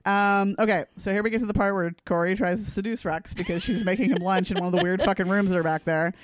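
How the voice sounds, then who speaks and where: A woman's voice: mid-range voice, fairly even intonation, fast, no echo. A middle-aged woman recaps a film in casual podcast chat, blunt and sweary, laughing often. Her voice sits mid-range and sounds dry and close. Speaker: podcast co-host.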